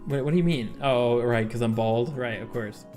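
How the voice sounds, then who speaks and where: A man's voice: mid-range voice, normal speed, darkish tone, faint music behind. A man streaming a game with his chat, chatting casually, laughing often and reading game text aloud. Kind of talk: casual livestream chat while playing a game with chat.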